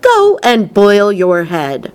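A woman voicing a brisk, bossy, eccentric man in a storybook reading, emphatic and chirpy. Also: mid-range voice, huge pitch swings, darkish tone, clean tone.

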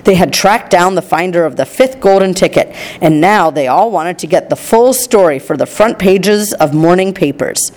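A woman narrating a storybook reading in a steady, clear way. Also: lowish voice, normal speed, few pauses.

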